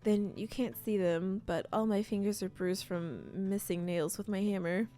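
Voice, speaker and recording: A woman's voice: mid-range voice, fairly even intonation, normal speed, mellow, soft background music, close to an everyday voice. A woman voicing a sheepish young male builder in a cozy role-playing game, explaining his injuries plainly in close to her own voice.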